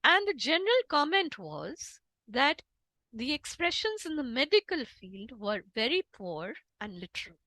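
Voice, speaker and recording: Animated woman with Indian English accent. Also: high-pitched, measured pace, dry recording, poor audio. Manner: emphatic, animated lecturing with demonstrations. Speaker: guest speaker on interpreting. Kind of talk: online talk.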